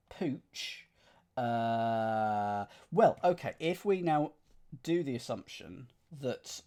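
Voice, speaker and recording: A man's voice: medium pitch, a little mellow. A man streaming himself solving a cryptic crossword, reading clues aloud and musing over the wordplay. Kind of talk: thinking aloud while solving.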